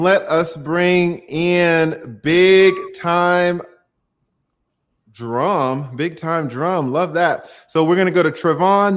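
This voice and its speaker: An animated man hosts a live-stream panel, chatting casually. His voice sits a bit high, and he keeps things loose with plenty of filler sounds between thoughts.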